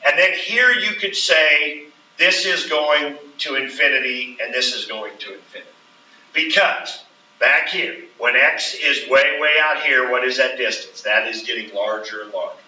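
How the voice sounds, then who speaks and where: Male teacher lecturing to a class, checks in often. Sharp, bright voice, miked from afar in an echoey room. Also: mid-range voice, moderate pace, slight background noise. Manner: explains step by step, checks in with frequent "right?". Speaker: math teacher. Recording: roomy, distant, dull classroom recording.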